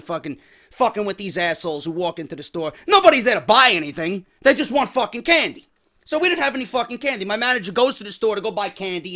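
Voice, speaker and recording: A hoarse-voiced man in his thirties with a New York accent hosts a wrestling podcast, his voice sitting high. He tells a story as a profane, angry rant punctuated by loud bursts.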